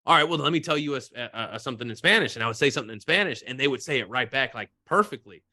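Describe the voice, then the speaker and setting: A man in his thirties, a former pitcher, chatting casually as a podcast guest and acting out the dialogue in his stories. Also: racing, no room sound. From Mexico. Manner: animated storyteller, acts out quoted dialogue. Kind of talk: casual chat.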